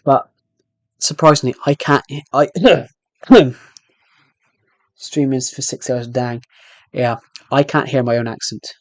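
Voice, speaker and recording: A man's voice: mid-range voice, fairly even intonation, slow pace, long pauses. A man with a British accent chats loosely to his viewers on a long game livestream, drifting between comments and muttering to himself about what he's doing. His voice sits in a middle range. The sound is dry and close, with no room echo. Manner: rambling, chatty, talks to himself while playing. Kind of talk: casual gameplay livestream chat.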